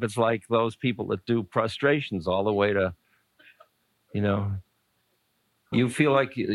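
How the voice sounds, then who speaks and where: A man's voice: mid-range voice, no room sound. A man giving an informal spiritual talk as a teacher, musing in a conversational, playfully blunt way as he answers a question.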